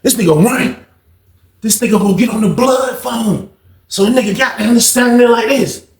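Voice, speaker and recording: Young guy telling a story, animated, mutters then shouts, kinda high voice, echoey room. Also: a little fast. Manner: animated, swings from low mutter to loud shouts acting out quotes. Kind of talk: casual storytime monologue.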